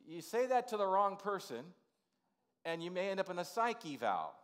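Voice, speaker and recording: A male pastor with a fairly high-pitched voice gives an informal, conversational sermon in a church sanctuary, sprinkling in plenty of "you know" asides.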